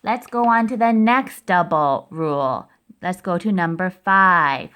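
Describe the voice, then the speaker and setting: A woman's voice: on the low side, measured pace, a bit bright. A woman teaching a recorded phonics lesson to first graders, explaining spelling rules step by step in a patient way.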